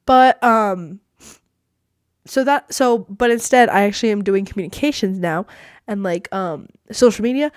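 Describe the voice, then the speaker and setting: Teen girl podcast host, medium pitch, bubbly and chatty, dry sound. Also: moderate pace, no room sound. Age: teens. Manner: bubbly, chatty, says "like" a lot. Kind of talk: casual storytelling. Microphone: podcast mic that cuts out.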